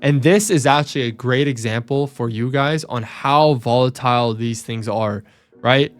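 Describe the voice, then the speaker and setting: A young man walking through trading charts on screen, excitable and self-mocking, repeating himself as he talks. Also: medium pitch, moderate pace, no room sound. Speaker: trading video host. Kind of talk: screen-share chart walkthrough.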